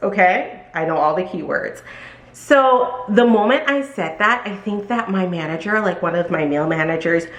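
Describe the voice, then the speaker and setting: Woman doing a storytime, animated, jumps into squeaky voices for quotes, echoey room. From Brooklyn, New York. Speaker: vlogger telling a storytime. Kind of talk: casual storytime chat.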